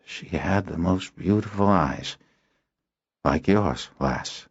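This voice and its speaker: A man voicing a gruff, stubborn old male handler who talks slowly and softly, in an audiobook. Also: deep voice, no room sound, heavily acted. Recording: dull lo-fi audio.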